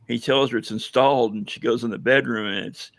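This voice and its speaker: A hoarse man chatting casually on a livestream as a veteran guest, rambling with many fillers and telling jokes. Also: medium pitch, steady tone, fairly quick, no room sound. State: hoarse, losing his voice. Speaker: veteran guest running a coffee business.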